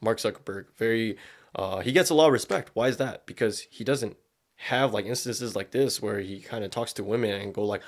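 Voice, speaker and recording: A man's voice: lowish voice, a little fast. A young man chatting casually as co-host, rambling, swearing freely and laughing often. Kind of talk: casual reaction chat.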